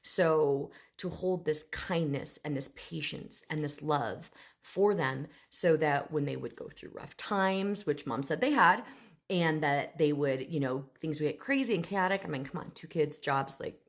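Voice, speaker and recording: A woman animal communicator telling a story in a casual, chatty way. She speaks with enthusiasm and leans on fillers like "like" and "um". Her voice sits low. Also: measured pace.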